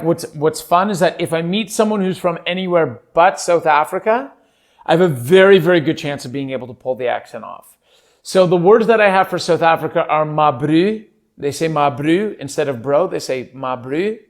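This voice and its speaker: A man with a somewhat high voice talks through a solo podcast in a put-on Irish accent. He rambles in a loose, playful way and lets the accent slip now and then. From Canada. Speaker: podcast host.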